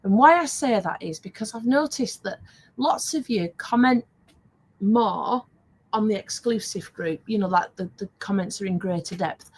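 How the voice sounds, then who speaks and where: A woman's voice: mid-range voice, moderate pace, a little mellow, husky, low-quality recording. An older woman hosting a casual live stream, chatty and laughing often as she reads out viewer comments. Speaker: live stream host selling craft supplies.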